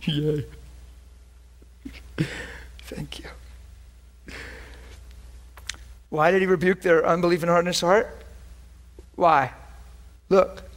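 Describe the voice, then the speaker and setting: A male preacher giving a conversational sermon, animated with laughing asides. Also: a little high.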